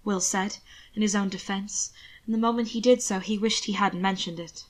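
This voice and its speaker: Woman, fan fiction narrator, measured, expressive, mid pitch. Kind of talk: reading fan fiction aloud.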